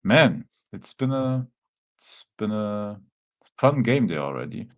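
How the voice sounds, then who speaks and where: A native German speaker with a German accent hosts a casual live watchalong, speaking slowly in a voice on the low side. Relaxed and chatty, he talks to his chat using easygoing fillers like "man".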